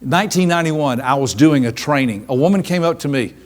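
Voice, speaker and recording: A man's voice: a little high, a little fast. A man, a business coach telling stories to a seminar audience and acting out the voices of people in them. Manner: animated, acts out quoted voices. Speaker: business coach giving a training. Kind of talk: live seminar storytelling.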